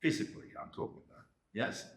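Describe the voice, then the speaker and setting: Emphatic Hungarian-accented man coaching piano. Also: quick pace. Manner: emphatic, questioning, with frequent checks like "yes?". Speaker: piano teacher giving a masterclass. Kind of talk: masterclass coaching. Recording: roomy hall with piano playing.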